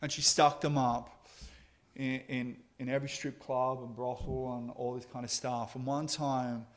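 A man's voice: medium pitch, level tone. A man delivers a sermon in an ordinary mid-range voice. He tells a story in earnest, often restarting his phrases and pressing hard on the key lines. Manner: storytelling, halting restarts, emphatic. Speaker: preacher.

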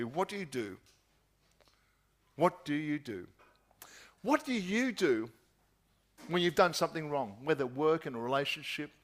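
Slow, high-voiced preacher. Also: male voice. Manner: rhetorical questions, repeating phrases, dropping soft at key points. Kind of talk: sermon.

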